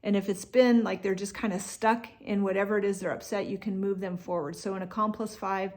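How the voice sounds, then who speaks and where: A woman coaching parents in a relaxed, conversational way, with frequent fillers and restarts. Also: mid-range voice, a little fast. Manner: acts out what parents and kids say. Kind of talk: instructional talk to parents.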